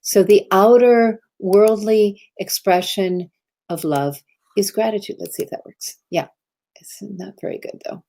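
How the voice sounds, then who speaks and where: A woman's voice: medium pitch, measured pace, creaky, warm tone. A middle-aged woman giving a casual motivational talk, earnest and meandering as she tells stories. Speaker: speaker on love and self-expression.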